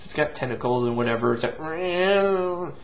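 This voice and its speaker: A man's voice: a little high, expressive, normal speed. A man hosting a casual movie review, rambling with restarts and casual swearing. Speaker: movie reviewer and show host. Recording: lo-fi, dull sound.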